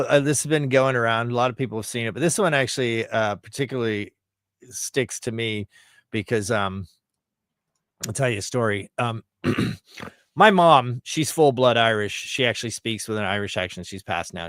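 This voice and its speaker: A man rambles on his livestream, loose and profane, filling the gaps between clips. His voice sits at an ordinary middle pitch. The sound is close and dry, with no room in it. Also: normal speed, a bit bright, dry recording. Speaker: livestream host. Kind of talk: casual chat.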